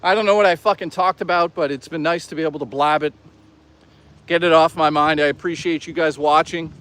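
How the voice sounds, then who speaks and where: A man's voice: a little high, steady tone, brisk, a bit bright. A man live-streaming outdoors, chatting casually, swearing freely and reading out chat. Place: outdoors on an urban trail.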